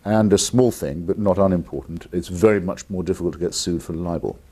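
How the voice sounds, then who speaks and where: Deep-voiced English man, deliberate. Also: warm tone, breathy edge. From England. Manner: deliberate, articulate, blunt opinions. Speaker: author and guest. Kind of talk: call-in television interview.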